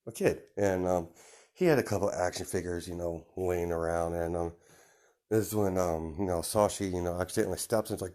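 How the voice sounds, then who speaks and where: Brief: low-voiced man telling an improvised fan tale, loose and meandering. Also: steady tone, normal speed, dark tone. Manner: rambling, lots of fillers. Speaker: fan story narrator. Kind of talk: improvised storytelling.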